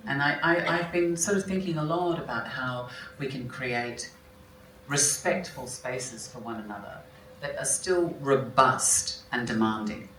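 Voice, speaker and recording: A woman's voice: very deep voice, unhurried, fairly bright tone. Actress woman chatting onstage, keeps restarting her sentences, kinda far from the mic, slight hum. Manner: reflective, with many restarts and self-corrections. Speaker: film actress, guest at an onstage conversation. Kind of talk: conversational interview answers. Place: large hall at a festival talk. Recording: roomy, distant mic, faint ambience.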